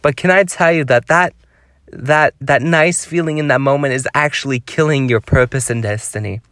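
A man's voice: mid-range voice, normal speed, a bit bright, no echo, studio quality. A man preaching a devotional sermon, pleading with his listeners in an earnest, exhorting way.

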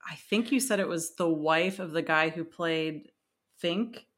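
A woman's voice: deep voice, unhurried, slight background noise. A woman co-hosting a podcast, chatting casually with wry, dry quips. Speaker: podcast co-host. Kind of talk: casual chat.

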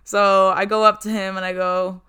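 A raspy-voiced woman in her twenties hosting a podcast, chatting casually and poking fun at herself. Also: mid-range voice, level tone, normal speed, bright, forceful tone. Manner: chatty, self-deprecating, laughs often. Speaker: podcast host. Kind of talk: casual chat.

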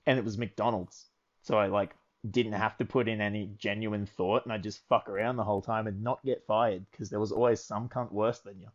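A man's voice: lowish voice, steady tone, a little fast. Crude, swearing young man. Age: early 20s. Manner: crude, swearing, rambling, laughing storyteller. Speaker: podcast co-host. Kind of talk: casual storytelling chat. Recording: lo-fi dull audio.

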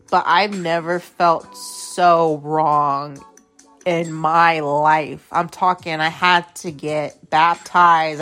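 Low, unhurried woman telling a blunt story. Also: a bit bright. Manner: blunt, profane, lots of "like" fillers. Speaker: podcast host. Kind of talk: casual storytelling.

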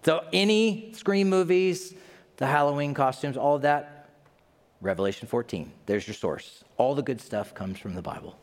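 Pastor guy preaching, lively up-and-down voice, chatty asides, long hall reverb. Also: mid-range voice, moderate pace. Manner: conversational, animated preaching with asides. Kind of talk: sermon.

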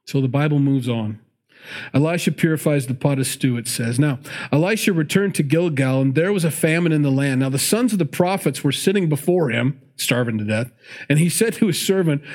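A man's voice: on the high side, normal speed, darkish tone. A man teaching through a Bible passage in a conversational sermon, laughing often and acting out the people in the story. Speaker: pastor.

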